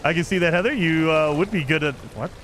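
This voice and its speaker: A man's voice: a little high, fast talker, noisy background. A man streaming a game live, chatting with his viewers and laughing often as he plays. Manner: chatty, laughs often, talks to chat while playing. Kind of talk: casual live-stream chat.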